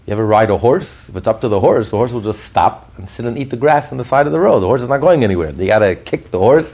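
A man giving a podcast Torah class, telling stories in an animated way with frequent restarts and chuckles. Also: mid-range voice, creaky. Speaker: Torah teacher.

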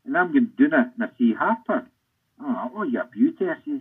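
An older Scottish man, a former footballer, telling rambling anecdotes in an interview with a husky voice. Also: medium pitch, lively intonation, brisk. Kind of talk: storytelling interview. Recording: tinny phone-like line.

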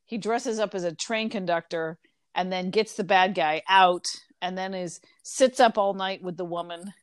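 A woman's voice: on the low side, normal speed, clean tone, dry recording. A woman casually retelling a story in conversation, acting out the characters' lines with lots of ums. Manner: animated retelling with quoted voices, frequent ums.

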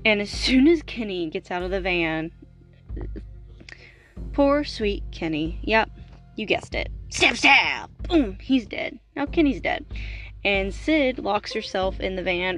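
A woman hosting her podcast, retelling a story in an easy, chatty way, with plenty of fillers and the odd curse word. Her voice sits at an ordinary middle pitch. Faint music plays quietly underneath. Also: unhurried. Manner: chatty, animated storytelling with many fillers and swearing. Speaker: podcast host. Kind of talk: casual movie recap and review.

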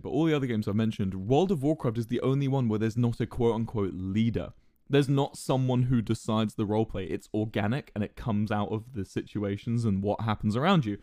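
Swearing, laughing storyteller. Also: male voice, on the low side, darkish tone, no echo, clean studio sound. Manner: swears freely, laughs a lot, often restarts his sentences. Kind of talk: casual storytelling.

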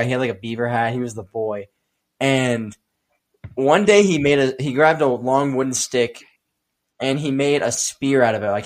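A young man hosting a casual podcast, telling stories loosely with laughs and swearing. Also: medium pitch. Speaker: podcast host. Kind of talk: casual chat.

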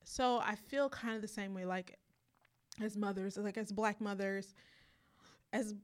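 A woman's voice: medium pitch, steady tone, unhurried. A middle-aged woman in a casual, reflective conversation, thinking aloud and often saying "like". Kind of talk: casual chat.

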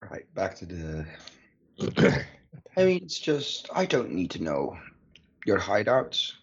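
A man's voice: sits low, very animated, takes it slowly, slightly rough. A man playing in a casual tabletop game, hesitant with many fillers. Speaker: player. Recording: muffled lo-fi mic.

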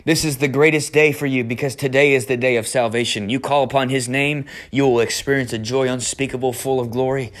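A man's voice: medium pitch, fairly even intonation, a little fast, few pauses. A man preaching a fiery, emotional podcast sermon with lots of repetition. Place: podcast recording.

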